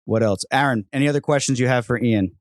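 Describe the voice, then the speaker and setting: Joking podcast host, dry-sounding voice. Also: male voice, mid-range voice, quick pace, no echo. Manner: joking, wry asides. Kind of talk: casual chat.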